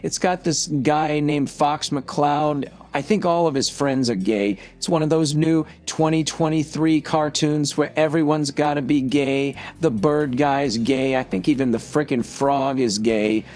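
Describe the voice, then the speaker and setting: A man's voice: a little high, steady tone, unhurried, hardly any pauses, darkish tone, close to an everyday voice. A man doing an impression of a crude, grumbling middle-aged comedian podcaster, ranting with a lot of swearing. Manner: profane, grumbling rant.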